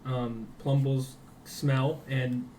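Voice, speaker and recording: A young man narrating as game master of a tabletop game, casual and halting with fillers. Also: medium pitch, flat delivery, warm tone. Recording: distant mic with faint noise.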